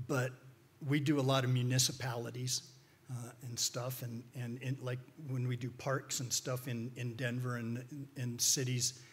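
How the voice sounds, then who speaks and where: Guest speaker, male, husky, folksy and rambling storyteller. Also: mid-range voice. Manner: folksy, rambling, frequent restarts and fillers. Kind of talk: informal church talk with storytelling.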